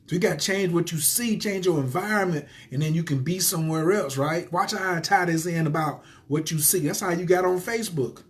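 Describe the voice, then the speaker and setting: A somewhat high-voiced man hosts a motivational livestream for business owners, spinning an animated story. He acts out the voices of the people he quotes and breaks off to greet viewers by name. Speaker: entrepreneur hosting a livestream.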